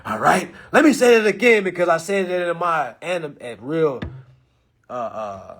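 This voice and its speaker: Husky high-voiced man lecturing animatedly. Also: fairly quick. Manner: animated, rhetorical questions, acts out phone calls. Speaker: live-stream presenter teaching contract tactics. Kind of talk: casual live-stream lecture.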